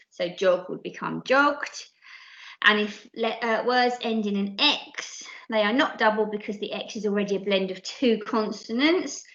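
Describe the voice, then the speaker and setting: A woman teaching a recorded phonics lesson for young children, speaking clearly and encouragingly with frequent praise. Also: mid-range voice, bright, forceful tone. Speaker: primary school teacher. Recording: dull lo-fi audio in an echoey room.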